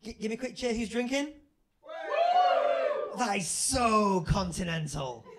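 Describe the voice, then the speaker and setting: A man's voice: high voice, animated, measured pace, heavy background noise. A man with an English accent doing stand-up, teasing the audience in cheeky banter at a comedy club. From England. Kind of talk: stand-up comedy with crowd work. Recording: live club with loud crowd laughter.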